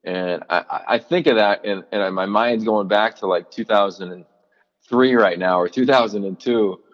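A man's voice: lowish voice, normal speed, in a large hall, muffled recording. A man in his forties, a former player and coach, telling stories in an interview, full of fillers and restarts and acting out quotes. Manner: animated storyteller, many fillers and restarts, acts out quotes. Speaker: college football analyst, former player and coach. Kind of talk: podcast interview, storytelling.

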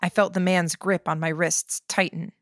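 A woman reading a first-person novel aloud in a steady, measured way. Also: fairly low pitch, no echo, clean studio sound. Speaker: audiobook narrator.

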